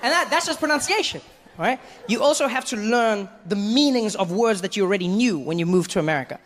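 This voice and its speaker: A man with a South African accent telling stand-up stories in an animated way, with his voice climbing high when he gets excited. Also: a little fast. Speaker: stand-up comedian. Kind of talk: stand-up storytelling. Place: comedy stage.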